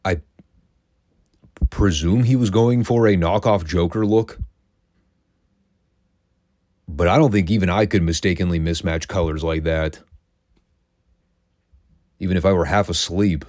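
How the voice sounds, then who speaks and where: Deep-voiced man recapping old wrestling. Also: measured pace, pauses often, darkish tone, dry recording, studio quality. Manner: chatty, wry, opinionated storytelling. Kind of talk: casual solo recap commentary.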